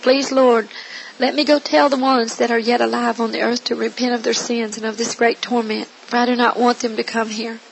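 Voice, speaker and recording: A woman's voice: on the high side, level tone, fairly quick, creaky, a little hiss or hum, poor audio. Anguished damned man begging, read by a woman. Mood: desperate. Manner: pleading, sobbing.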